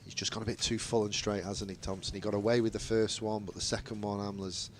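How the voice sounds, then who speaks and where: A man's voice: fairly low pitch, little pitch movement, fast talker, a little hiss or hum. A man giving ball-by-ball radio cricket commentary, lifting his voice on boundaries and chatting easily between balls.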